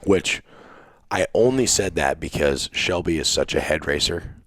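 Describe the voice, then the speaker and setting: A middle-aged man with a very deep, low voice chats casually about his racing. He is animated and profane and acts out the quotes in his stories. The recording is dry and close, with no room sound. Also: unhurried, dry recording. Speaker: race car driver, podcast guest. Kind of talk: casual storytelling chat.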